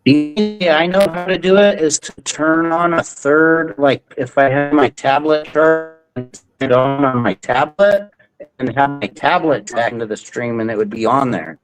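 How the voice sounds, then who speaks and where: A young man hosting a livestream, talking in a rambling, profane, halting way. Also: on the high side, music in the background, poor audio. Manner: rambling, profane, hesitant restarts. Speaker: stream host. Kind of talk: casual livestream chat.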